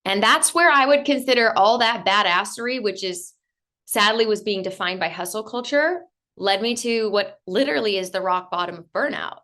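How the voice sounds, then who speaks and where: A woman in her late thirties, a podcast guest, candidly telling her own story in an animated way and acting out her past thoughts. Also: mid-range voice, normal speed. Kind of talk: interview storytelling.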